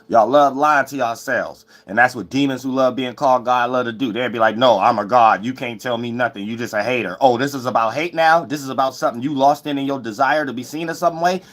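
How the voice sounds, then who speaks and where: A man's voice: medium pitch, a bit bright. Profane, scolding preacher man. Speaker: self-styled preacher. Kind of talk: late-night livestream sermon.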